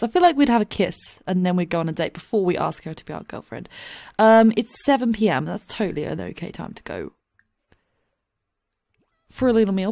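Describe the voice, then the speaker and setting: Brief: woman, let's play commentary, bouncy, lively pitch, giggly and gushing, close dry mic. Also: gravelly, no echo. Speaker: gaming YouTuber. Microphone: desk microphone.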